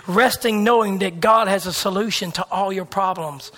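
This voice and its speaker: Male preacher, high voice, rhythmic and emphatic, drops to whispers. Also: moderate pace, few pauses. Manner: swings from loud fervor to hushed whispers; repetitive, emphatic preaching cadence. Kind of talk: sermon.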